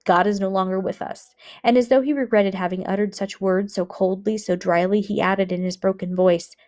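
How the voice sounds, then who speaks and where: A woman's voice: mid-range voice, steady tone, moderate pace, lightly acted. A woman reading aloud voices an old, trembling rabbi speaking in a broken voice. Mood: despairing. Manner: broken, hushed. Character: old trembling rabbi who lost his faith.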